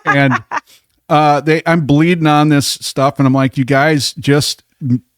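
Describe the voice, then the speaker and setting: A man from Minnesota telling a story as a podcast guest in a bar, animated, acting out the quotes. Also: fairly high pitch, a little slow, clean tone, dry recording, studio quality. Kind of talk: casual storytelling.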